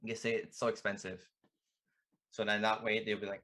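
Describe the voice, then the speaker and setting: A young man with a fairly low voice gives a relaxed online language lesson. He talks in a loose, chatty way, full of "like" and "you know", as a student club tutor. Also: a little fast, pauses often.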